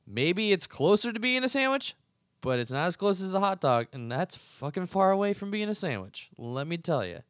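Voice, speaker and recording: A man's voice: high voice, very animated, normal speed, fairly bright tone, no echo, clean studio sound. Heated, profane male podcast host. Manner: heated, profane, emphatic arguing. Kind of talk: casual ranting monologue.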